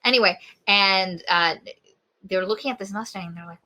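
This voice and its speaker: In a casual book review chat, a woman co-hosting a podcast retells a novel's story and performs the characters' dialogue. Her medium-pitched voice sounds pushed and bright, and she keeps a moderate pace.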